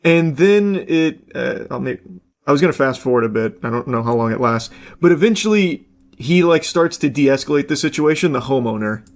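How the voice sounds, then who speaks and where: A man's voice: medium pitch, animated, normal speed. A man giving casual, rambling commentary as he reacts to a video clip. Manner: rambling, self-correcting narration.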